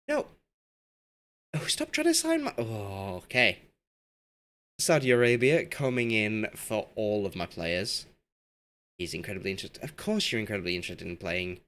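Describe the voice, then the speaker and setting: A man's voice: on the low side, brisk, fairly bright tone. A man streaming a game, rambling in casual commentary and talking to the players on screen as he goes, while losing his voice.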